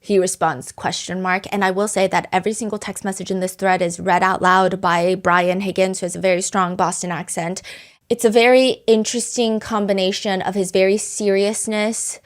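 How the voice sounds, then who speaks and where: Female podcast host narrating true crime with a relaxed, conversational flow. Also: mid-range voice, normal speed. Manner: chatty, lively retelling with quoted voices.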